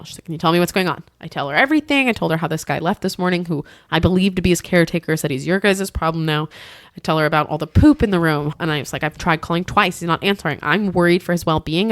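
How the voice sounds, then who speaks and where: A woman's voice: fairly low pitch, no room sound. A woman podcast host telling a work story in casual chat, acting out the people she quotes. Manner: animated, acts out quoted voices.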